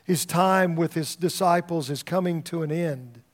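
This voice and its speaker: Man, pastor, middle-aged, sermon, chatty storytelling, restarts words, fairly high voice. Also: a little slow. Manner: conversational storytelling, repeats words when starting.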